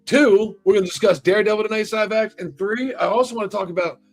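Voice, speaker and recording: A man hosting a casual podcast, talking in a profane, rambling, animated way. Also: high voice, fast talker, faint music behind. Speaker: podcast host. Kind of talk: casual chat.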